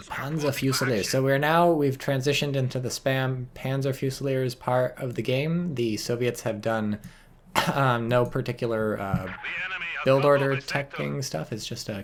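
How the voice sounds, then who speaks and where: A man's voice: medium pitch, creaky, noisy background. A man casually commentating a strategy game replay, wry and rambling, rising to exclamations at blunders.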